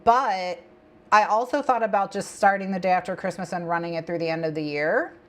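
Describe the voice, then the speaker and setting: A woman hosting a casual co-working livestream, talking in a rambling, chatty way with bursts of excitement. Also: lowish voice, fairly quick. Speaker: livestream host. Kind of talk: casual co-working stream chat.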